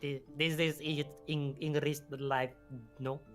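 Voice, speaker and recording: A woman's voice: low-pitched, flat delivery, slow, soft background music. A woman doing a stiff, overly formal foreign-accented greeter whose accent keeps shifting. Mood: mock polite.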